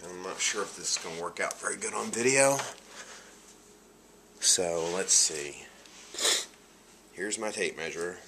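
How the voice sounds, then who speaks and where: A man's voice: deep voice, unhurried, gravelly, pauses often, pushed and bright, a little hiss or hum. A man talking casually in a video diary, a bit nasal from allergies, chatty and upbeat. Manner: chatty, upbeat, laughs often. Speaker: vlogger.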